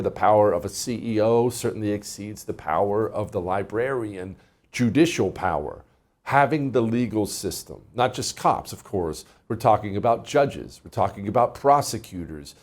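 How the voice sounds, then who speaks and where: A man's voice: on the low side, animated, moderate pace, darkish tone. A man hosting a political commentary monologue, mocking and emphatic, with many rhetorical questions.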